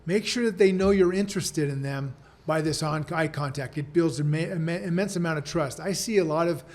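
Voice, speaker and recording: An earnest man with a fairly high voice explains his coaching points on a podcast, repeating the key ones for emphasis. He slips into acting out short sample exchanges with a client. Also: moderate pace, a little mellow. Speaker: guest sales coach. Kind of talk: podcast conversation.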